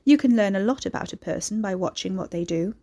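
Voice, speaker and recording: A woman's voice: mid-range voice, fast, warm tone, lightly acted. Woman doing a shrewd older hostess, sly, probing, slightly affected, storybook reading. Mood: chatty.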